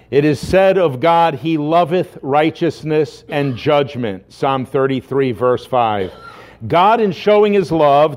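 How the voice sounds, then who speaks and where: A man delivers a sermon in an unhurried, measured way. His voice sits somewhat high for a man, and he leans on emphatic rhetorical questions. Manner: earnest preaching with rhetorical questions. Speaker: pastor.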